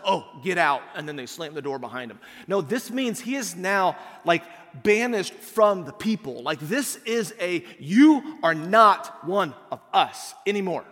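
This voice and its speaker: Man preaching casually in a reverberant hall. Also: sits high. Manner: casual, animated, acts out quotes and says "like" a lot. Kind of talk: conversational sermon.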